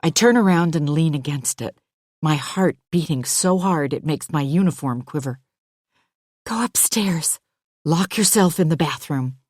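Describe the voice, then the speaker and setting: Woman narrating an audiobook, lowish voice. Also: no room sound, clean studio sound. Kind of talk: first-person audiobook narration.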